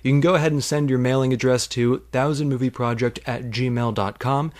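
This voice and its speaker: A man's voice: medium pitch, steady tone, fairly quick, darkish tone. A man hosting a podcast, telling a workplace story in a rambling, digressive way with wry asides. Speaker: podcast host. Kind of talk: storytelling monologue.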